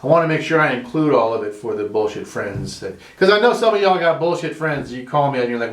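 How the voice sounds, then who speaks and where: Rambling comedian in an echoey room. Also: male voice, mid-range voice, animated, quick pace, few pauses. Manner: rambling, self-deprecating, profane. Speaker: stand-up comedian. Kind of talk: casual comedy monologue to camera. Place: his own room. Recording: roomy home room echo.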